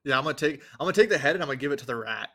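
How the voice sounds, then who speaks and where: Male tabletop player, eager and punchy, mid-pitched. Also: animated, racing, sharp tone. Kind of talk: tabletop game play, casual.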